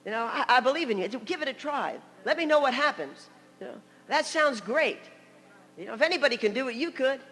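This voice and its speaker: An older woman preaching in a church, her voice bright and forceful. She tells stories with lively humor and laughter. The sound rings with a long hall reverb. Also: high voice, brisk, slightly rough, faint music behind. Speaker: guest preacher. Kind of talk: humorous sermon storytelling. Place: church sanctuary.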